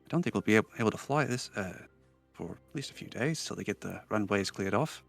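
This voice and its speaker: A man's voice: lowish voice, lively intonation, brisk, creaky, soft background music. A man acting as game master, narrating a tabletop game scene with frequent fillers and restarts.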